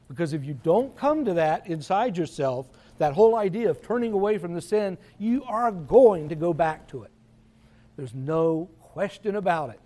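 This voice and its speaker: A priest delivers a sermon in an easy, talking manner and slows down when he quotes scripture. His voice sits high for a man and has a soft, mellow tone.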